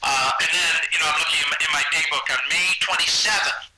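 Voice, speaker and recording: A man telling anecdotes as a podcast guest in an animated way. He acts out other people's voices. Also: fairly high pitch, quick pace. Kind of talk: anecdotal storytelling. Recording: loud background noise.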